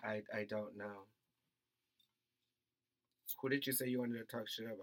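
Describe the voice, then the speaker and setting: A man's voice: on the low side, steady tone, moderate pace, a crowd in the background. A man co-hosting a casual podcast, talking in a heated, profane, emphatic way. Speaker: podcast co-host.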